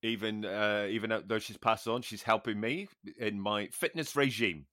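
A man's voice: lowish voice, moderate pace, sharp tone. A British man co-hosting a podcast, telling anecdotes with mock-outraged banter. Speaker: podcast co-host. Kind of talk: casual comedic chat.

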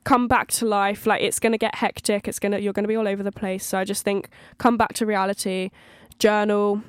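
A woman's voice: mid-range voice, level tone, fairly quick, smooth, no echo, clean studio sound. A young woman co-hosting a podcast as a student-athlete, giving encouraging advice in a casual way with "um" and "like" fillers. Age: young adult.

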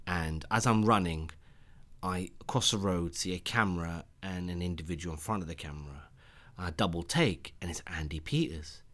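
A young man with a London accent, co-hosting a podcast and telling stories in lively, slangy chat. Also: low-pitched, normal speed. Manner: animated storytelling with London slang. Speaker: podcast co-host. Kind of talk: casual banter.

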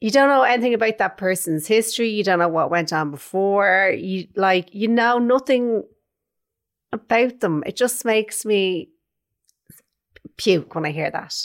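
A woman's voice: medium pitch, animated, a little slow. A woman co-hosting a casual chat podcast, blunt and exasperated. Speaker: podcast co-host.

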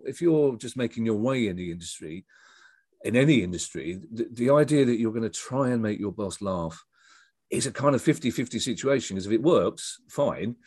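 A man's voice: medium pitch, darkish tone, slightly rough, no room sound. A middle-aged man, a comedian and writer telling rambling stories in a casual interview, full of restarts and asides. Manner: rambling, with frequent restarts and self-deprecating asides. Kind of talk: casual storytelling chat.

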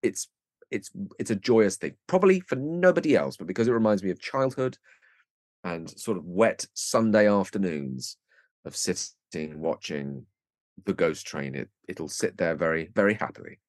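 Very deep-voiced man telling a story. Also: moderate pace, no room sound, studio quality. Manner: lively storyteller slipping into comic voices. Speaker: guest actor. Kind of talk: casual podcast chat.

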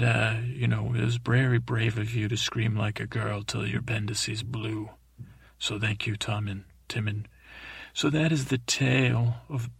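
A man rambles through an improvised bedtime story, stumbling and backtracking. His voice is deep-grained and gravelly with a husky edge. It sits close and dry on the mic. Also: no echo. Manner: meandering, full of self-corrections and fillers. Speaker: podcast storyteller.

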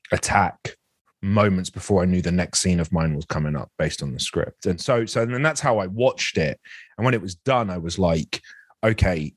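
Man, 40s, very deep voice, dry recording, candid halting interview talk. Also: slightly rough, no room sound. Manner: candid, halting, with many restarts. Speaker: actor guest.

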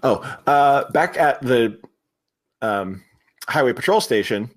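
Male podcast host, animated storyteller, lively delivery, casual recap. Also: mid-range voice. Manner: animated retelling, puts on quick voices for quotes, laughs often. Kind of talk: casual movie recap chat.

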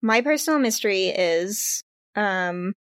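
A woman's voice: mid-range voice, lively intonation, a little slow, clear, resonant tone, no echo, studio quality. A woman playing a tabletop game, talking casually and rambling with many fillers. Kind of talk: casual actual-play chat.

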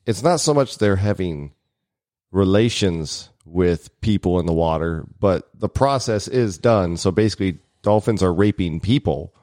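A man's voice: low voice, animated, unhurried, a little mellow, no echo, studio quality. A young adult man co-hosting a podcast in casual banter, joking and rambling, laughing often. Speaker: podcast co-host.

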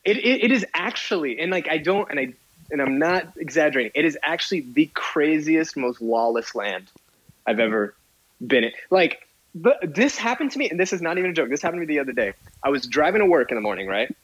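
A man's voice: a little high, brisk, breathy edge, highs cut off. A man, a podcast guest, casually telling an exasperated story and acting out both sides of an argument. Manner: animated, exasperated retelling with quoted dialogue.

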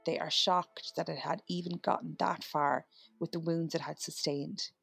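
A podcast host tells an eerie story, her voice on the low side for a woman. She narrates dramatically and swears freely when she chats. The room is dry, with soft music under her. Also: fairly even intonation, moderate pace, gravelly, slightly rough, dry recording. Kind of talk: true-crime storytelling chat.

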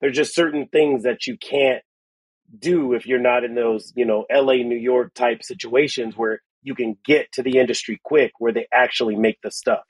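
A man speaks casually as a panelist on a call. His voice is husky and at a middle pitch. The sound is dry. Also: fairly even intonation, normal speed, dry recording, low-quality recording.

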